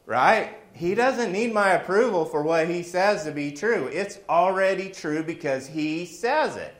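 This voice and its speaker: A man's voice: sits high, animated, measured pace, roomy sound. A man preaching a sermon in a folksy, joking way, weaving personal stories into his message.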